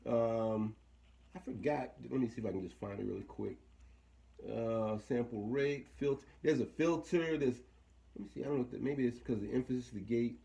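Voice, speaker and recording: A man's voice: mid-range voice, moderate pace, creaky, warm tone. A man talking casually through a hands-on equipment demo, thinking aloud and trailing off mid-sentence. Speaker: equipment demonstrator.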